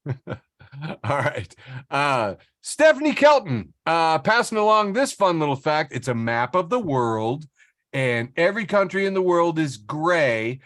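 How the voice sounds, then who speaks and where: A man's voice: fairly high pitch, very animated, measured pace, fairly bright tone, no echo, clean studio sound. A man hosting a podcast in casual chat, joking, laughing and reading out social media posts. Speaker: podcast host.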